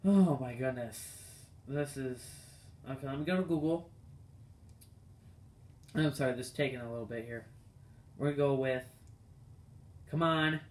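A young diecast collector reviews a toy race car for his channel, speaking at a moderate pace in a mid-range, slightly mellow voice that pauses often. Addressing viewers directly, he rants in an exasperated way in this casual video review.

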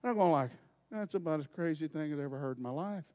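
A man preaching a folksy storytelling sermon, dropping to quiet asides and then bursting into loud shouts. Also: on the high side, expressive, quick pace, big-room sound, highs cut off.

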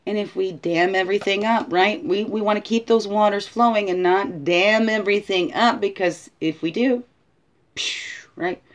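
A woman's voice: medium pitch, moderate pace, hardly any pauses. A woman giving a casual, reflective spiritual guidance talk, thinking aloud and tagging her sentences with "right?". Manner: tags many sentences with "right?". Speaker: spiritual guide.

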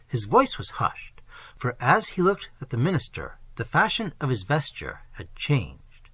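A man reads a classic story aloud with lively, animated expression. His voice is bright and slightly husky, sitting a little high. It sounds dry and close to the mic. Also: a little slow, no echo. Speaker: audiobook reader. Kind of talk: scripted narration.

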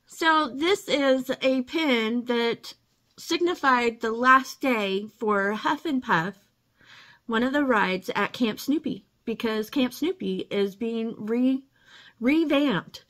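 Brief: woman vlog host, slightly high voice, unhurried, gushing and teary. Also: a bit bright. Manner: gushing, emotional, laughing often. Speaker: channel host. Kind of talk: casual unboxing vlog.

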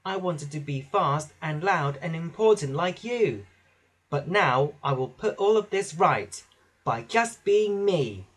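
A man voicing a small, eager male engine who speaks politely and shouts boastfully at times. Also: sits high, animated, moderate pace, husky, pitched above the performer's own voice.

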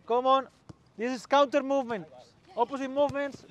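High-voiced man coaching on a pitch. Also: fairly even intonation, fairly quick, a little hiss or hum. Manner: short commands, calls out to players, mixes in Spanish. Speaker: football coach. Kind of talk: on-field coaching demonstration.

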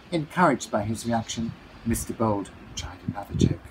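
Author reading a kids' book aloud, playful lively storyteller. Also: male voice, medium pitch, a little slow, a little hiss or hum, rough recording.

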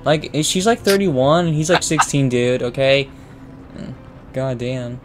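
A man commenting on a video game as he plays, swearing constantly and breaking into loud sudden outbursts. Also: medium pitch, animated, unhurried. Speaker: gameplay commentator. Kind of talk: let's play commentary. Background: game audio and music.

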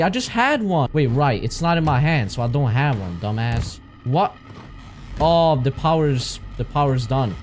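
A young man hosting a horror game playthrough, reacting loudly and energetically with frequent swearing. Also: medium pitch, big pitch swings, a little slow, a little hiss or hum. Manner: hyper, jumpy, loud reactions and swearing. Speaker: gaming channel host. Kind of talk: horror game let's play commentary.

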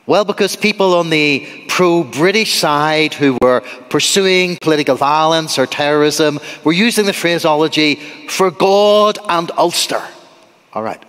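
Northern Irish preacher in a reverberant church. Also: male voice, fairly high pitch, moderate pace, fairly bright tone. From Northern Ireland. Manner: conversational and humorous, quizzing the congregation. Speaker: guest preacher. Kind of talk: sermon.

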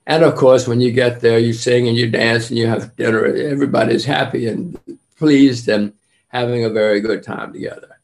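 Gravelly older man lecturing emphatically. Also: medium pitch, steady tone, moderate pace. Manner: emphatic, repeats key phrases. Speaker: guest lecturer. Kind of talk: motivational lecture to students.

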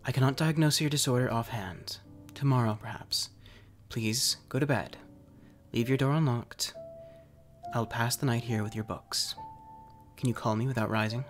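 A man doing a calm, probing doctor. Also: medium pitch, faint music behind, lightly acted. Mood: gentle. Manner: measured and probing, gentle. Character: calm, watchful male physician.

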